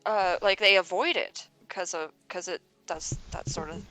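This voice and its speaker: A woman playing in a tabletop game who talks hesitantly and haltingly, with many fillers. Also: lowish voice, pushed and bright, dry recording, soft background music. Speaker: player. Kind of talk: casual tabletop game play.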